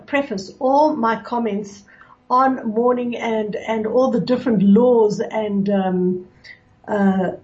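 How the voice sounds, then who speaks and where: Earnest woman radio host, slightly high voice. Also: darkish tone, muffled recording. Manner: earnest, storytelling, frequent fillers and restarts. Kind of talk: reflective radio talk on religious law.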